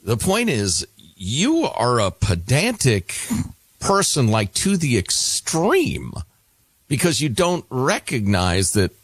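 A middle-aged man hosts a radio talk show, working through listener mail with quick, wry commentary. His voice is a bit husky and moves around a lot in pitch. The sound is dry and close. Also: wildly swooping pitch, dry recording. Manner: wry, quick, reads emails aloud with asides.

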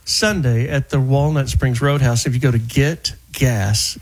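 A husky host chats loosely with his guest, mid-pitched and easygoing. He trails off and restarts sentences while promoting events. The delivery is unpolished and conversational. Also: measured pace. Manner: rambling, restarts, promotional plugs. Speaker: show host. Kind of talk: casual interview.

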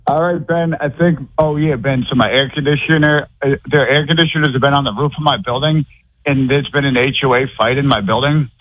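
A man's voice: mid-range voice, fairly even intonation, fairly quick, no room sound. A man calling into a talk show by phone, rambling at length and filling his talk with "like". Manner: rambling, heavy use of "like". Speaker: caller. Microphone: telephone. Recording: tinny phone line.

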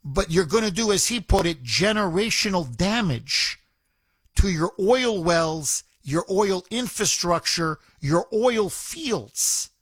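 A man's voice: high-pitched, animated, a little slow, a bit bright, breathy edge, no room sound. A man hosting a call-in radio show, talking emphatically and repeating words and phrases to drive his point home. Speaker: talk radio host. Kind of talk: opinionated call-in radio talk.

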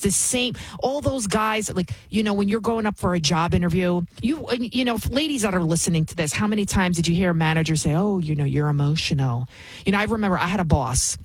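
A woman's voice: on the low side, husky, no echo. A woman hosting her own commentary show, speaking with indignant emphasis and repeating phrases for effect. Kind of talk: opinionated commentary.

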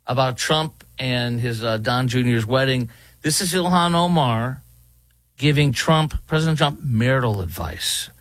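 A man's voice: mid-range voice, a bit bright, no room sound. A man guest-hosting a political talk radio show, mocking and joking in loose commentary.

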